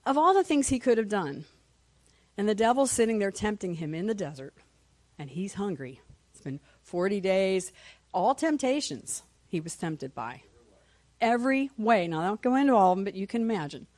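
Animated woman teaching Sunday school. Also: mid-range voice, normal speed, no room sound. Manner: passionate, animated, reads scripture aloud. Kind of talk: church teaching. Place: church.

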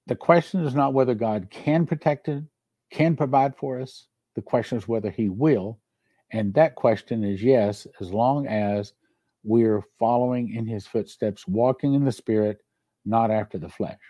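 Man preaching with a dark, dry voice. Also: mid-range voice, moderate pace, no echo. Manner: earnest storytelling preacher, reads scripture aloud. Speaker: pastor. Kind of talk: sermon.

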